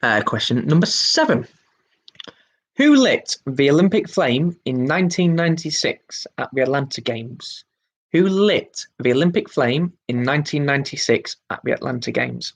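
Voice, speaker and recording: A man's voice: mid-range voice, animated, normal speed, gravelly. A man hosting a pub quiz, reading each question twice with chatty asides in between.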